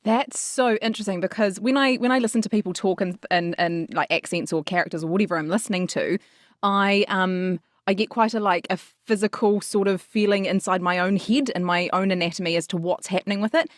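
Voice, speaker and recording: Kiwi woman, mid-pitched, rambling and thinking aloud, casual podcast chat, dry close mic. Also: brisk, no echo. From New Zealand. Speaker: voice actor podcast host.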